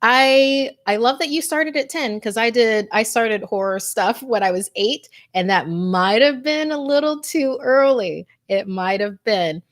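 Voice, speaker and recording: A woman's voice: a little high, a little slow, hardly any pauses. A woman hosting a live stream, chatting casually and gushing over viewer comments with lots of fillers. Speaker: host.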